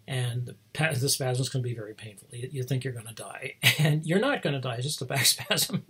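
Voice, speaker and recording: A middle-aged man rambles through a casual monologue, chuckling often and restarting his sentences. His voice is extremely breathy and husky at a middle pitch. The delivery stays loose and unscripted. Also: quick pace, a bit bright. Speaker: host.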